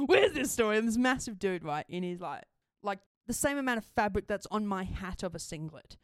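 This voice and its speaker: A young Australian woman co-hosts a podcast, telling a story in casual chat. She's animated, laughs often and swears freely, her mid-range voice at a moderate pace in clean studio sound with no echo.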